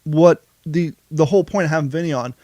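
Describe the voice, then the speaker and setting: A man with a slightly high voice co-hosts a podcast in a loose, rambling way, often circling back and restarting his sentences. The sound is dry and close, with no room around it. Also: fast, warm tone, no room sound. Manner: rambling, self-interrupting. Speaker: podcast co-host. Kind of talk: casual podcast chat.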